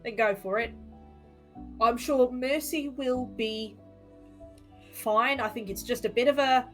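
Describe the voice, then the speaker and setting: Woman player, slightly high voice, earnest and preachy in character, faint music behind. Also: slow pace, fairly bright tone. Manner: earnest, lecturing, repeating words. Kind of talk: in-character tabletop role-play.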